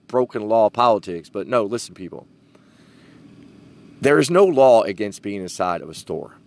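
Gravelly low-voiced man telling a story. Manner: swearing, laughing, animated storytelling. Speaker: podcast host. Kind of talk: casual podcast monologue.

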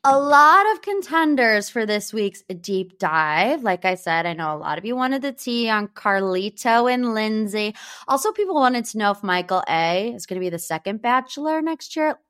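A young woman from Northeast Ohio hosting a podcast, chatting about pop culture in a gossipy, animated way. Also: medium pitch, moderate pace, smooth, soft background music. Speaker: podcast host. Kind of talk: casual pop-culture chat.

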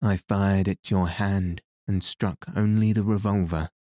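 A man reading the lines of a cool, mocking gentleman adventurer in an audiobook. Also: deep voice, steady tone, unhurried, no room sound, studio quality.

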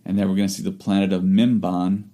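Low mellow-voiced man chatting. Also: little pitch movement, quick pace. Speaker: podcast co-host. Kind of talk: casual chat.

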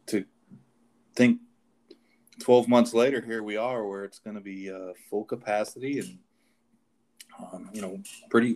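Low-voiced man rambling through a race card. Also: a little mellow. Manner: halting, with many fillers and restarts. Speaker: racing show host. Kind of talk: casual chat.

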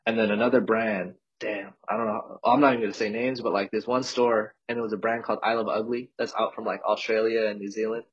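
Husky-voiced man telling a story. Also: on the low side, flat delivery, fast, few pauses. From California. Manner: slangy, loose, peppered with "like". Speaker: podcast guest. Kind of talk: casual storytelling chat. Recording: dull lo-fi recording.

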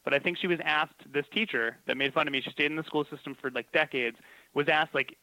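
A man's voice: on the high side, fast talker, dry recording, rough recording. A man who works as a comedy writer, chatting casually and telling stories with plenty of laughter. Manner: animated storytelling with frequent laughs. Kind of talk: casual chat.

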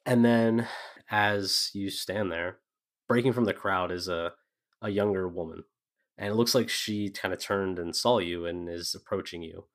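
A male game master with a low voice, narrating a tabletop role-playing session in a descriptive, loose way with plenty of fillers. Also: unhurried.

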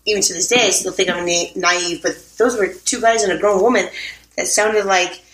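A woman's voice: mid-range voice, brisk. Giggly Southern woman in an echoey room. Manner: giggly, animated, rambling. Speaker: podcast co-host. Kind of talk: casual chat. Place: hotel suite.

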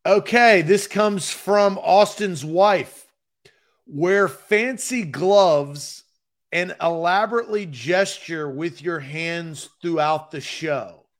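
A man's voice: sits high, slow. A man hosting a casual sports talk show, upbeat and laughing often. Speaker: host.

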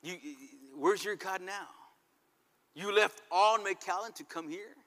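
A man's voice: high-pitched, unhurried, fairly bright tone. A man preaching who voices the devil as a sneering, taunting tempter, in a reverberant hall. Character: mocking male devil, taunting.

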